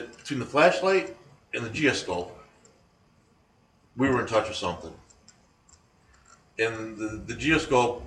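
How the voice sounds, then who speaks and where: A man co-hosting a chat show about paranormal investigations, telling rambling, animated stories full of restarts. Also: lowish voice. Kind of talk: casual radio-style chat. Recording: echoey room, distant from mic, faint noise.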